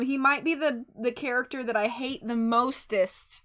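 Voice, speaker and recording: A woman streaming a game, reacting with animated, exaggerated outbursts and frequent laughs. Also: on the high side, normal speed. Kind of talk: let's play commentary.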